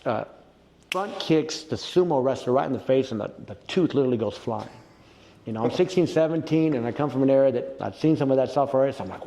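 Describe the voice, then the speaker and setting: A man in a casual interview, telling a story with animated retelling and quoted reactions. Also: medium pitch, in a large hall. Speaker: interview guest, jiu-jitsu black belt.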